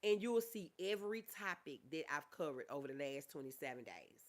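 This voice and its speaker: A mental health therapist hosts a casual livestream, reading viewer comments aloud and calling people baby. Her deep voice is expressive and her delivery brisk.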